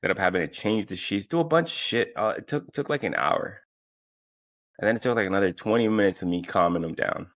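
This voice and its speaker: This podcast host's voice is fairly low and a bit bright, animated and a little fast. Sounding a little tired, he tells a funny story in a rambling, profane way full of fillers and restarts, which makes for casual comic storytelling. The recording is dull lo-fi and dry, with no echo.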